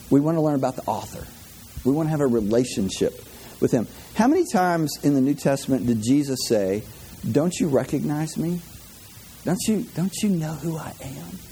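A man's voice: medium pitch, dark tone, a little hiss or hum. A man delivering a casual, conversational sermon with self-deprecating jokes and emotional, heartfelt moments. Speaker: pastor.

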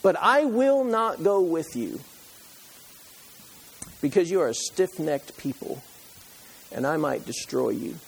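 A man's voice: a little high, expressive, slow, creaky, pauses often, husky. A man preaching a sermon, reading scripture aloud and retelling it with passion, pleading at times and dropping to a near whisper at others. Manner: impassioned, pleading when voicing Moses, dropping to a hush.

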